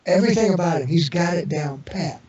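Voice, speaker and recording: A man guesting on an interview spins casual, rambling anecdotes, full of fillers and restarts, and mimics the people he describes. His voice is fairly high, fairly quick and a little mellow. Crowd noise accompanies the muffled, distant, echoey internet radio sound.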